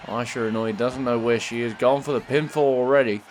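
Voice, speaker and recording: A man commentating a wrestling video game match as its host, putting on an American announcer voice and bursting into excited shouting when the action starts. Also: mid-range voice, brisk, slight background noise.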